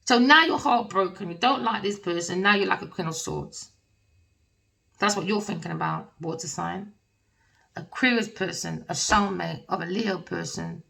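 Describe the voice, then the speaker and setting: A woman's voice: on the low side, moderate pace, vocal fry, bright, forceful tone, recorded from a distance, poor audio. A woman giving a casual tarot reading, rambling and emphatic with plenty of slang. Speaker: tarot reader.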